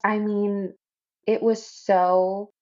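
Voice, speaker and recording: A woman's voice: mid-range voice, flat delivery, extremely slow, a little mellow, highs cut off. A woman co-hosting a podcast in casual chat, reflective and readily agreeing. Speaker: podcast co-host.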